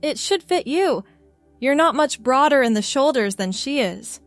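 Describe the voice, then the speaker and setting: Brief: woman as teasing young female roommate, light and a bit higher, storybook read. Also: animated, a little slow, no echo, faint music behind. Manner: playful, amused.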